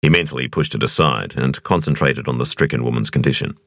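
A man reading a thriller audiobook in a measured, expressive narration. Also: a bass voice, dry recording, clean studio sound. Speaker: audiobook reader.

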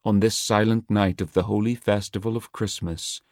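A man narrating an audiobook in a measured, dramatic storytelling manner. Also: fairly low pitch, fairly even intonation, a little mellow, no echo, studio quality. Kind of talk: scripted narration.

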